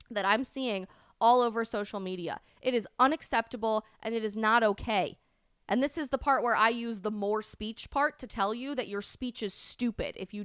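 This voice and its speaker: A woman hosting a live stream, delivering impassioned commentary that rises to loud, indignant peaks. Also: a little high, smooth, dry recording, studio quality. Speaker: host of a live stream show.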